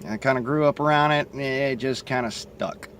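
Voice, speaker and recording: A man's voice: medium pitch, moderate pace, a bit bright, a little hiss or hum. A man with a Southern accent and a stutter, talking bluntly and profanely into his cell phone in a rambling monologue. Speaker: vlogger. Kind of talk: casual monologue to camera.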